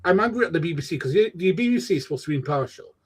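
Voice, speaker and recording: A man with a husky, slightly high voice hosts a casual political talk. He rambles and restarts his sentences, with mild slang mixed in. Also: expressive, racing.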